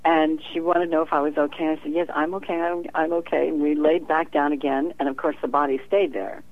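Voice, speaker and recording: Speaking a little fast in a low voice, a woman psychic tells an interview story over a tinny phone connection. Her telling is animated: she performs the quoted lines and breaks into laughter often.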